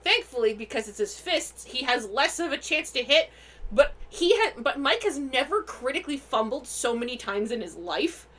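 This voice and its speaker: A woman casually recounting a tabletop game session on a stream, excitable, laughing and swearing freely. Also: high-pitched, normal speed, slight background noise.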